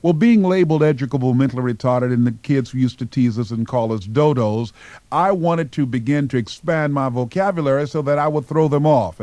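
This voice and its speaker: A man from Miami, Florida, giving a motivational speech through personal stories, with slow, emphatic phrasing. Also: mid-range voice, warm tone, no echo. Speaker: motivational speaker.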